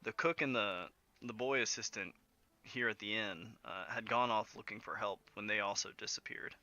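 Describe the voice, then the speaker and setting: A man voicing a worried male town guard who speaks in a grave, formal, hushed way. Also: lowish voice, normal speed, muffled recording. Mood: grave, concerned.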